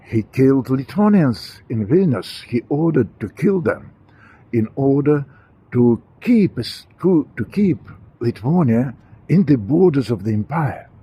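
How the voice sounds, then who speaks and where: A man giving a walking monologue outdoors, halting with frequent fillers and self-corrections. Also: mid-range voice, dark tone, a little hiss or hum. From Russia. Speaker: commentator. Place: outdoors on a city walk.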